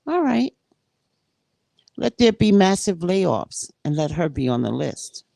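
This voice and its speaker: A woman's voice: lowish voice, big pitch swings, slow pace, creaky, warm tone, no room sound, pitched above the performer's own voice, full character voice. A woman voicing God as an all-powerful deity who grants wishes in a breezy, matter-of-fact way.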